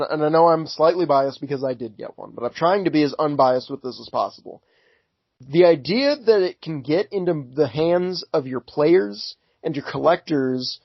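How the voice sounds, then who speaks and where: A man co-hosts a casual podcast, making his case earnestly and restarting sentences as he goes. His voice sits fairly high. The audio is dull and dry. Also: gravelly, dry recording. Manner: earnest, careful arguing with many restarts. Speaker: podcast co-host.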